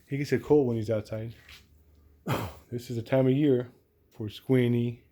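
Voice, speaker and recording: A man filming a home vlog, talking softly and fondly to his cats in baby talk, sometimes whispering, in his living room. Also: medium pitch, fairly even intonation, moderate pace. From US Pacific Northwest. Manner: soft baby talk to pets, drops to whispers. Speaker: cat channel host.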